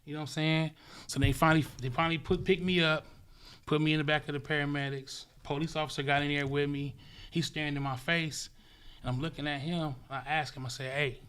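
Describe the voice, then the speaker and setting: A man, a podcast guest, telling a vivid, profane story in casual talk, acting out sounds and swinging between loud bursts and hushed murmurs. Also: on the high side, fairly even intonation, a little fast, clean tone.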